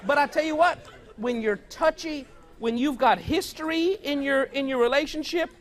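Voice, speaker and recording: A man's voice: very high-pitched, normal speed, some chatter behind. A male pastor giving a conversational, humorous sermon, telling stories from home and often laughing as he talks. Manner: storytelling, mimics household conversations, often laughing.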